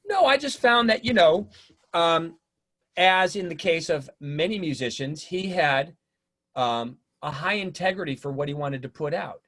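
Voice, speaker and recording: A middle-aged man telling stories in a casual interview, animated and acting out the voices of people he quotes. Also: on the high side, unhurried. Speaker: drummer and teacher, interview guest.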